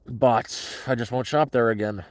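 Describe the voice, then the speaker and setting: A man's voice: medium pitch, steady tone, a little slow, no echo. A middle-aged man telling a story on a casual livestream in a blunt, heavily profane, agitated way.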